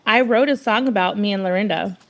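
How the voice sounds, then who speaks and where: A woman's voice: medium pitch, a little fast. A woman guest chatting casually on a podcast over a video call, giggly and chatty.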